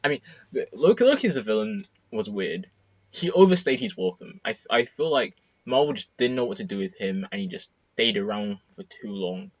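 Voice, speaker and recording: A teenage boy giving an excited, rambling movie review full of fillers and restarts. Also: lowish voice, moderate pace, husky, no room sound, muffled recording. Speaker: student vlogger. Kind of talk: casual movie review monologue.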